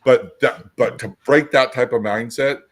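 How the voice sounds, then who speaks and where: At a moderate pace and medium pitch, a business coach hosts a podcast and chats informally about coaching. He tells stories by acting out both speakers in every dialogue.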